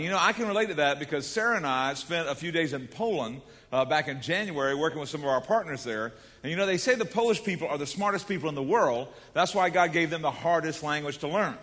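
A man delivers a sermon, folksy and animated, sprinkling in casual asides. His voice sits high for a man, and it rings out with a long hall reverb behind it. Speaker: pastor.

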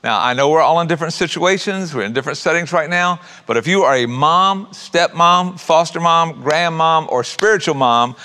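A man's voice: a little high, normal speed, hardly any pauses, bright, forceful tone, clean tone, in a large hall. A middle-aged man preaching a sermon as pastor, folksy and conversational, often dropping in "man" and "uh".

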